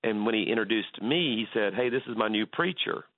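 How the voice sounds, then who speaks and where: A man's voice: fairly low pitch, animated, fairly quick, dry recording. A man, a pastor, talking earnestly as a guest on a radio interview, telling stories with many restarts. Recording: tinny phone line, dry.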